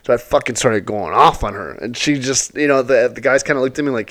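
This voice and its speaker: A man's voice: mid-range voice, fairly quick, fairly bright tone, no room sound. A young man telling rambling, profane personal stories in a casual way. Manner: profane, rambling, emotional anecdotes. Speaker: Airbnb host, former military. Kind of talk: casual storytelling.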